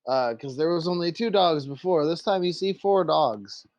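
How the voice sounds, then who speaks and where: Fairly high-voiced man running a tabletop game. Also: expressive, moderate pace, darkish tone, no room sound, muffled recording. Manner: loose, filler-heavy, laughing easily. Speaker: game master.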